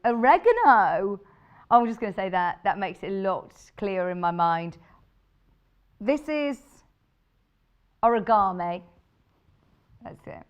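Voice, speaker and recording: A woman's voice: mid-range voice, animated, moderate pace, smooth, dull audio. A woman presenting sewing kits on a live shopping channel, chatty and bubbly, thinking aloud as she shows the fabrics. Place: TV studio.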